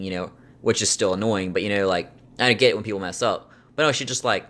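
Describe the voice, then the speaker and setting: Young adult male vlogger, lowish pitch, casual rambling delivery, lots of fillers, exasperated venting. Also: fast talker, fairly bright tone. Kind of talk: casual chat.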